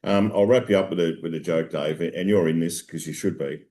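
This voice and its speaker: A low-voiced Australian man hosting a footy show, easygoing and joking. His banter is loose and full of fillers. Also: brisk, dark tone. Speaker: radio show host. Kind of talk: casual chat.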